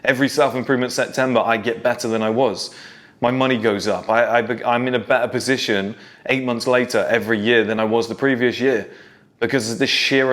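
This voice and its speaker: A man's voice: mid-range voice, fairly bright tone. Blunt, swearing man giving a pep talk. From United Kingdom. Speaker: self-improvement creator. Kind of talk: motivational monologue.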